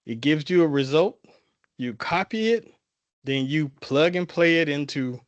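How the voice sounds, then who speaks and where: A man's voice: mid-range voice, no room sound, dull audio. A man from the Carolinas with a Southern twang, giving a folksy, conversational presentation as a guest speaker. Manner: folksy, repetitive, informal grammar.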